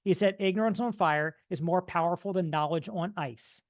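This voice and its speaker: A man giving an energetic motivational talk, mimicking dull and excited voices to make his point. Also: high voice, normal speed. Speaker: motivational speaker.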